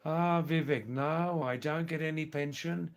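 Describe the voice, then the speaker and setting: Slow, unhurried older Australian man. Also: a little high, steady tone, slight background noise. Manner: unhurried, answers each message personally, repeats words. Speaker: live-stream host. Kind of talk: live-stream chat, answering viewer messages.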